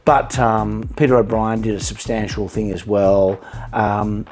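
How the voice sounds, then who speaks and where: Animated Australian man telling stories. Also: on the low side, measured pace, soft background music. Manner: animated storyteller with many restarts. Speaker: actor, interview guest. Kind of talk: casual interview chat.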